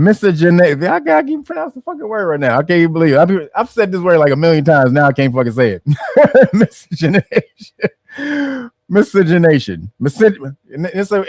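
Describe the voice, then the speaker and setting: Guy riffing casual commentary, kinda high voice, dry close sound, keeps restarting himself. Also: dry recording. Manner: rambling, restarts phrases, laughs at his own stumbles. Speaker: host.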